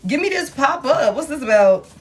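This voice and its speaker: A woman's voice: sits high, animated, moderate pace. A woman tarot reader, chatting casually to viewers, laughing often and swearing as she acts out the people in her reading. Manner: laughing, profane, playfully acts out quoted people.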